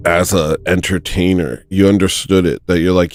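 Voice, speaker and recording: A man's voice: deep voice, steady tone, moderate pace, few pauses, a little mellow, soft background music. A man hosting a comedic livestream, talking in a rambling, joking, self-mocking monologue. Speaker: livestream host.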